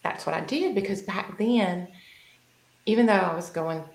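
A woman's voice: fairly low pitch, normal speed, creaky. A woman in her fifties, co-hosting a podcast, telling a personal story in casual chat with frequent restarts. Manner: storytelling, with restarts and self-corrections. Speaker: podcast co-host. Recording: echoey room.

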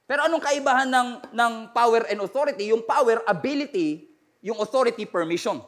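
A middle-aged man with a Filipino accent, preaching a sermon in a mix of Filipino and English, calling out to the congregation and now and then building up to shouts. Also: very high voice, fast talker. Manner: preaching with call-and-response, rising to shouts. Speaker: pastor.

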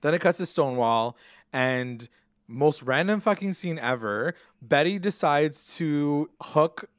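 Smooth-voiced man recapping casually. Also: fairly high pitch, expressive, measured pace, dry recording, clean studio sound. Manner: rambling, filler-heavy storytelling. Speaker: podcast co-host.

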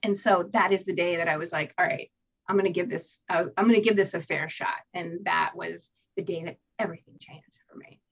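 A woman guest telling her own recovery story in an interview, candid and animated, swearing freely and acting out what she told herself. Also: lowish voice, fairly quick, creaky, slightly rough, muffled recording. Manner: candid, animated storytelling with profanity and acted-out inner voices. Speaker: podcast guest.

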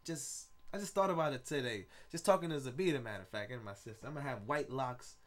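A man, hosting a casual solo podcast in a loose, rambling, excitable way, swearing often. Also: mid-range voice, quick pace. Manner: rambling, loose and excitable, with frequent profanity and laughs. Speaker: podcast host.

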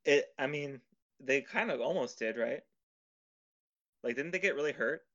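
Bright-voiced laughing podcast guy. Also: mid-range voice, animated, moderate pace. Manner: self-mocking, laughs often. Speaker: podcast co-host. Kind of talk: casual chat. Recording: dull lo-fi recording.

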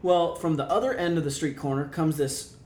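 Young man casually telling a rambling story. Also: fairly quick. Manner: rambling, many fillers, animated retelling. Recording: echoey room, faint rumble.

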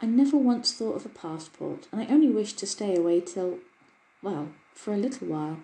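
A woman's voice: mid-range voice, animated, normal speed, dark tone, roomy sound, lightly acted, rough recording. A woman voicing a tiny absent-minded fairy who is eager and tries to sound dignified, in a storybook reading. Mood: flustered.

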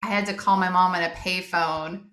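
A woman's voice: on the low side, fairly even intonation, normal speed, bright, forceful tone, roomy sound. A woman co-hosting a podcast in casual chat, telling stories and laughing often. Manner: chatty, storytelling, laughs often. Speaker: podcast co-host.

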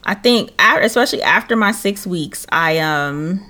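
Sassy, animated young woman podcaster. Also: on the low side, moderate pace. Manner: animated storytelling, sassy asides. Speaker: podcast co-host. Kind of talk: casual chat.

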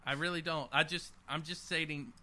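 A young man co-hosting a casual podcast, teasing his friend with quick banter and frequent chuckles. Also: on the high side, steady tone, sharp tone. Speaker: podcast co-host.

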